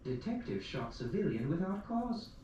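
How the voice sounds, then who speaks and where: A man's voice: fairly high pitch, sing-song, moderate pace, warm tone, lo-fi sound, voice pushed up. A man voicing a gossipy old widow woman with a lilting, cackling manner in an echoey room. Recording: echoey room, distant mic, faint hum.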